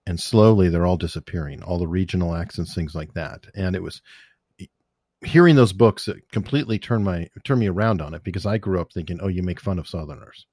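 A man hosting a casual interview, easygoing and reflective as he talks. His voice sits very low, and the sound is dry and close to the mic. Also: brisk, a little mellow, slightly rough, no echo.

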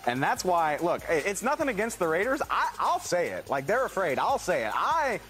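A man on a sports debate panel talks football with emphatic conviction. His pitch swings widely and stays lively. Faint music sits underneath. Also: moderate pace. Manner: animated, emphatic. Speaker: sports analyst.

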